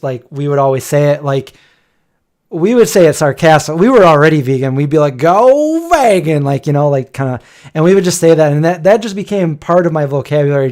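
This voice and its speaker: A middle-aged man hosting a casual livestream chat, rambling and joking as he tells stories. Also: fairly high pitch. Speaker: host.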